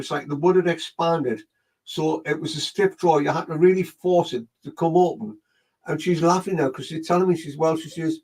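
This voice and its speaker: A man's voice: a little high, husky, rough recording. A man giving a psychic reading, rambling as he relays what a spirit tells him. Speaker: medium.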